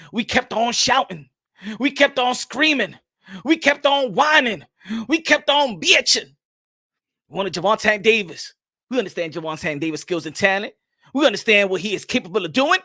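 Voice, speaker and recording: Hyped, high-voiced profane boxing host. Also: male voice, no echo, clean studio sound. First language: Spanish. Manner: profane, hyped, loud and repetitive. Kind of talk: livestream rant and chat shout-outs.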